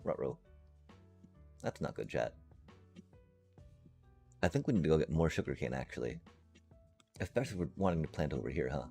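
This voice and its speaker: A man's voice: very deep voice, sing-song, brisk, gravelly, long pauses, a little mellow, faint music behind. A man streaming a game live, chatting casually and playfully to his viewers in a rambling way. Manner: rambling and playful, addresses chat.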